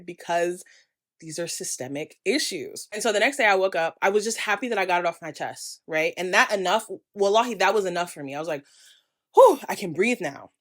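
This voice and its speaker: A woman's voice: medium pitch, a bit bright. A young woman from the United States giving a candid, passionate talking-head vlog, ranting with emphatic asides. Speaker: creator and vlogger.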